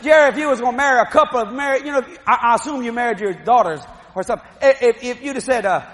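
A middle-aged man preaching a sermon, telling a story with animated, shouting delivery. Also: very high voice, racing, few pauses, in a large hall.

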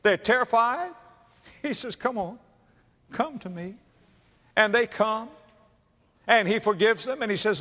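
A man preaching a sermon, dramatic, swinging from hushed tones to loud exclamations in a church. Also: high voice, unhurried, pauses often. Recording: long reverb of a large hall.

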